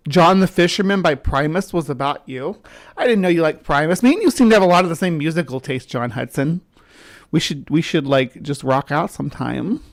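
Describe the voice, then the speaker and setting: Hosting a laid-back livestream, a woman from the middle of the U.S., between the South and the upper Midwest, talks fairly quickly in a low voice with lively intonation. She wanders from thought to thought, breaking off and restarting sentences while chatting with her viewers.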